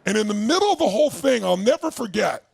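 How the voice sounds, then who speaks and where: A middle-aged man telling a story to an audience, acting out his partners' voices and shouting when he quotes anger. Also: sits high, fast talker, dry recording. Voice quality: gravelly, husky voice. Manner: animated, shouting while acting out angry quotes. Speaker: motivational speaker.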